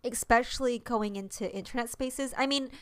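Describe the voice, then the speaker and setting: A woman's voice: a little high, moderate pace, clear, resonant tone, no room sound. A woman in her thirties co-hosting a podcast, talking earnestly and at length with many restarts. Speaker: podcast co-host. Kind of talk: casual podcast chat.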